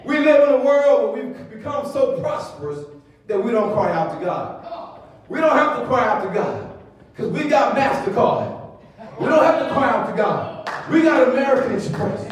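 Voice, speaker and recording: Man, pastor, very high pitch, rhythmic shouted sermon delivery, booming reverb, mic well off. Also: big pitch swings, normal speed. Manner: rhythmic preaching with shouted repetitions, calls for response. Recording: echoey church sound from far off.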